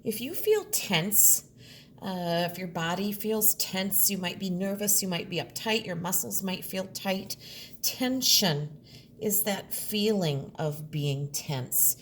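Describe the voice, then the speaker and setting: A woman teacher giving a recorded lesson, sounding out words slowly and deliberately. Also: medium pitch, lively intonation, fairly bright tone, a little hiss or hum.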